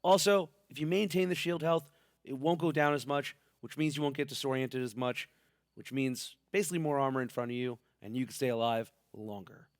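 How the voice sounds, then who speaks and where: A man's voice: medium pitch, fairly quick, dry recording. A man hosting a game build video, talking in a hyped, playful, slangy way, with a sick voice. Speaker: gaming channel host. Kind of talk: casual game build commentary.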